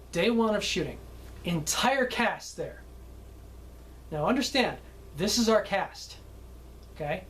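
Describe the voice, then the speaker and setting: A man's voice: high voice, a bit bright, rough recording. A film director telling stories from a film shoot in a chatty way, often tagging his sentences with "okay?" and laughing at his own tales. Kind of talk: anecdotal storytelling.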